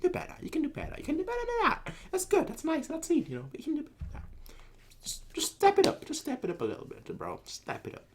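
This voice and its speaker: A woman voicing a cocky, mocking male warlord who taunts his enemies in a drawn-out, teasing way. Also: high-pitched, wildly swooping pitch, a little mellow, a little hiss or hum, voice pushed up, heavily acted. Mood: taunting.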